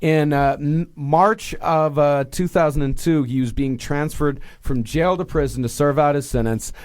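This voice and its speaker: Podcast co-host, male, slightly higher voice, loose rambling storyteller. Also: steady tone, moderate pace, a little mellow, clean tone. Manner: rambling, full of fillers and restarts. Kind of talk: casual true-crime storytelling.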